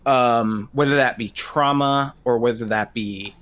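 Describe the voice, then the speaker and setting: A man's voice: mid-range voice, unhurried, a bit bright, smooth. A man in his thirties, a therapist, talking casually and hesitantly with many restarts. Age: 30s. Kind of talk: casual discussion.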